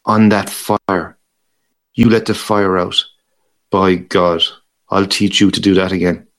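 A man's voice: low voice, flat delivery, slow. A man doing a bullying, bad-tempered father. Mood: furious. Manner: harsh, shouting, bullying.

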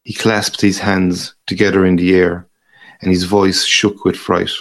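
A man reads a short story aloud with a deep, low voice. His delivery is slow, measured and unhurried. Each line comes out in a deliberate way. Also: little pitch movement. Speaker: reader.

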